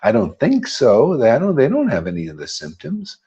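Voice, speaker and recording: A man's voice: a little high, wildly swooping pitch, fairly quick, gravelly, warm tone, husky, lo-fi sound. A man hosting a devotional class, preaching informally in a rambling, emphatic way with frequent laughs. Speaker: host leading a devotional class.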